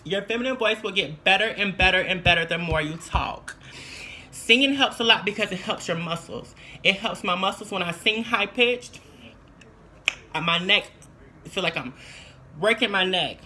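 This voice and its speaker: A trans woman talks through her voice-feminization tips in a loose, chatty vlog, tossing in sassy, playful asides. Her voice is bright and forward, with a faint hiss of noise behind it. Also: lowish voice, moderate pace. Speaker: vlogger giving voice tips. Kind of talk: casual advice vlog.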